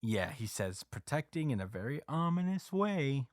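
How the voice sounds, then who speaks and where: A man hosting a podcast, casually recapping a story with lots of fillers and quick acted quotes. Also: medium pitch, very animated, no echo, studio quality. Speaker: podcast host recapping a manga chapter. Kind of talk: casual chat.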